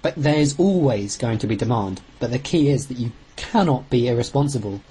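A man's voice: medium pitch, expressive, normal speed, warm tone, a little hiss or hum, rough recording. A man co-hosts a casual football podcast in an ordinary mid-range voice. He talks earnestly and at length, circling with fillers. Now and then he bursts into exasperated complaint. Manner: earnest, rambling, with sudden outbursts. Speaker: podcast co-host.

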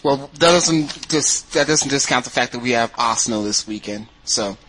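A man's voice: mid-range voice, normal speed, fairly bright tone, slight background noise, low-quality recording. A man hosting a casual football podcast, steering the talk between segments with a joking tone. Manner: joking, moves the show along. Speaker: podcast host.

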